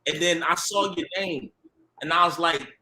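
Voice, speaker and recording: A man talks about his producing days in a lively, slangy way and laughs often. His voice is bright and a little high. The room is echoey. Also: moderate pace. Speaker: TV producer guest. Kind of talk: casual podcast conversation.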